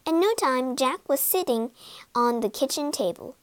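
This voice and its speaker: Expressive high-voiced woman reading a storybook. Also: moderate pace, no room sound. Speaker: narrator. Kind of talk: storybook narration.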